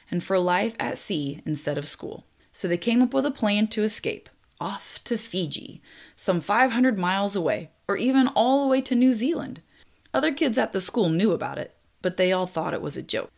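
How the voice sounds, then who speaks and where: A young woman narrating a true story in a lively way, with apologetic, self-deprecating asides. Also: mid-range voice, gravelly. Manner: lively, laughs at own slips, apologetic asides.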